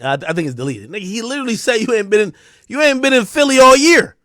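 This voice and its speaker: A man with a New Jersey accent hosting a livestream, delivering a heated, taunting rant that swings between loud jabs and low mutters. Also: animated, fast talker, no echo, studio quality. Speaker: livestream host. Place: home streaming room.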